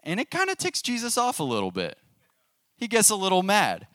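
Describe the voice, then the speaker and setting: A young man preaching to a youth service in a loose, conversational way and asking the room questions. His voice is bright and forward. The recording is close and dry. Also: high-pitched, wildly swooping pitch, brisk, no room sound. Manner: casual, asks the audience questions. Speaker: youth pastor. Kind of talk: conversational sermon.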